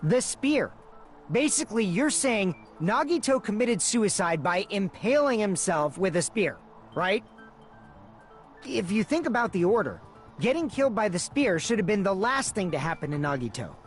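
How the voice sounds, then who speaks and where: An actor playing a brash, gruff young male gangster heir in dubbed video game dialogue. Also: high-pitched, sing-song, moderate pace, faint music behind. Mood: arguing. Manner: gruff, confrontational.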